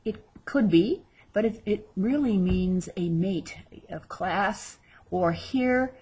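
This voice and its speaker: Very husky-voiced woman teaching slowly. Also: medium pitch, animated, mellow. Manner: drills words slowly, repeating each with exaggerated pronunciation; chatty asides between drills. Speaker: Spanish teacher. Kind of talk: recorded vocabulary lesson.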